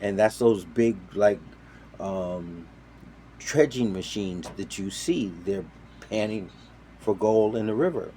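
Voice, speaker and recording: A man with a fairly low voice tells a story in a relaxed, casual way. He acts out the people he quotes, turning suddenly loud and then dropping to quiet asides. A faint hiss of noise sits under the recording. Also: takes it slowly. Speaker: storyteller on a talk show.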